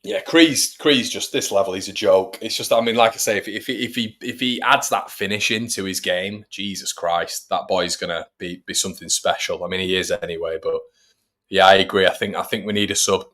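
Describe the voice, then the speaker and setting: Male fan host, low voice, chatty live match commentary to viewers. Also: brisk, a bit bright. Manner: chatty, addresses viewers as everybody. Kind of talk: live watch-along commentary.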